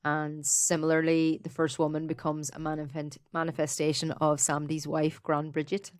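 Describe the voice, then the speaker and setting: A woman co-hosting a podcast, relaxed as she tells researched material in casual chat with some fillers. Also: low voice, moderate pace, no echo, studio quality. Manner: relaxed storyteller, reading researched notes with fillers. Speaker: podcast co-host.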